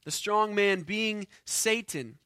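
A man preaching a sermon as pastor, earnest, rising to forceful emphasis and then dropping low and quiet, often repeating words as he restarts. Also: takes it slowly, smooth, dry recording, clean studio sound.

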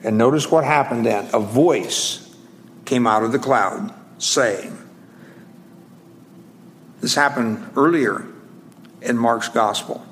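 A man preaching a sermon in a conversational, halting way, with frequent pauses and restarts, slowing down to stress scripture phrases. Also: medium pitch, fairly bright tone, a little hiss or hum.

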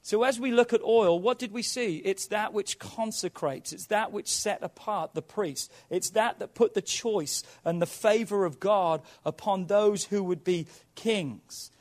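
A man's voice: high-pitched, measured pace, hardly any pauses. A man preaching a sermon as a pastor, asking the congregation questions and stacking repeated phrases. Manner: preaching with rhetorical questions and repetition.

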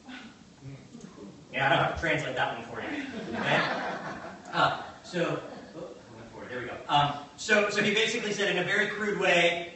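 A man preaching a sermon in an animated, conversational way, telling a story and acting out the quotes. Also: fairly high pitch, normal speed, slight background noise. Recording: very echoey, distant mic, faint ambience.

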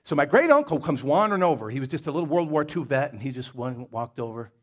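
A man's voice: medium pitch, sing-song, fast talker. A man preaching a sermon in a folksy, conversational way, with jokes and stories and a Southern US accent. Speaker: pastor. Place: church.

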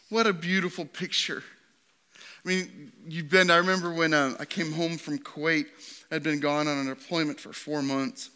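A man in his thirties preaching a sermon, swinging from high, impassioned appeals to quiet, tender readings. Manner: impassioned preaching, voice rising high then dropping soft. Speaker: pastor.

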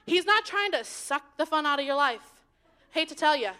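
High bright chatty young woman preacher. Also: moderate pace. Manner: chatty and animated, swings from loud to hushed. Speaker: youth leader giving a message. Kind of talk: informal sermon to young people.

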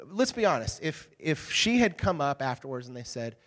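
Excitable man telling stories in a hall. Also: on the high side, moderate pace. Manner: excitable, animated storytelling with asides to the crowd. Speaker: speaker addressing a live group. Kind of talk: energetic talk to an audience. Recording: reverberant hall.

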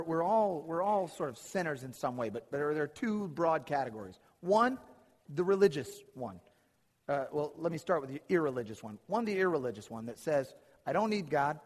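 A man's voice: on the high side, long reverb tail. A man preaching a sermon, retelling Bible stories and acting out the characters' lines.

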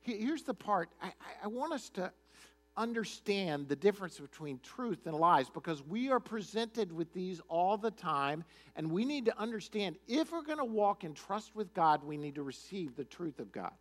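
A man preaching a sermon, retelling a story in an animated, chatty, conversational way. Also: high-pitched, moderate pace. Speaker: pastor.

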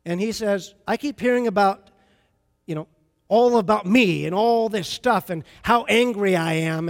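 Man, pastor, sermon, high voice, conversational storytelling, long hall reverb. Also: unhurried.

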